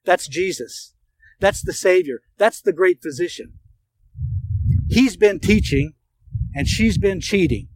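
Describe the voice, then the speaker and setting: Male pastor with a high voice, earnest sermon storyteller who leans on dramatic pauses. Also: expressive, rough recording.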